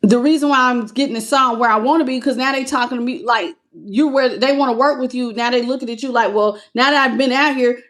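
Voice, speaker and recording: A woman giving a live tarot reading, talking in an animated, conversational way and greeting viewers as they join. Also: on the high side. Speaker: tarot reader.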